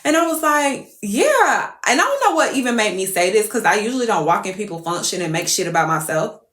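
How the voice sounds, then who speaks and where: A woman's voice: medium pitch, expressive, quick pace, fairly bright tone, roomy sound. A woman telling a story casually to her viewers, profane and exclamatory.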